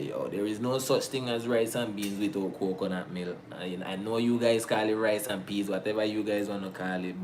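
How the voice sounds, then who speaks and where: A man's voice: fairly low pitch, a bit bright, a little hiss or hum. Joking Creole-accented man chatting. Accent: Nicaraguan Creole English of Bluefields. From Bluefields, Nicaragua. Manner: slangy and joking, with laughs. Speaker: vlogger answering viewer questions. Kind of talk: casual chat.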